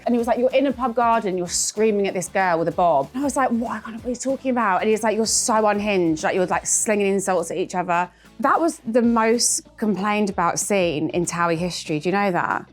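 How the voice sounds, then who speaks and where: A woman's voice: mid-range voice, a little fast, soft background music. A woman, chatting candidly and self-mockingly while reacting to old clips. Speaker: reality TV star.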